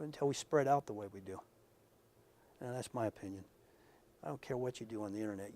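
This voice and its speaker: A man giving a conversational lecture to a live audience, earnest and full of stories, dropping to a hush and then rising loud. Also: mid-range voice. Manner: earnest, storytelling, swings from hushed to loud. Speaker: lecturer at professional workshop.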